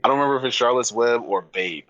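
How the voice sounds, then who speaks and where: A man's voice: mid-range voice, fast, highs cut off. A man co-hosting a casual chat, guessing movie quotes, exclaiming and cursing in disbelief. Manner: animated, exclaims and curses in disbelief. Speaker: podcast co-host.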